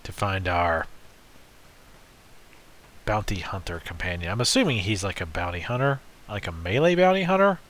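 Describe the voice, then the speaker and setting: A man's voice: low-pitched, expressive, moderate pace, pauses often, a bit bright, a little hiss or hum. A man giving casual, joking and rambling commentary while playing a video game. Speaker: let's play host.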